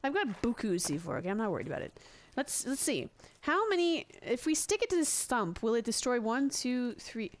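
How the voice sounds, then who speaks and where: A woman streaming a video game, chatting with viewers and giggling loudly at what happens on screen. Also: on the high side, big pitch swings, a little fast, hardly any pauses. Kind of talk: live gameplay commentary.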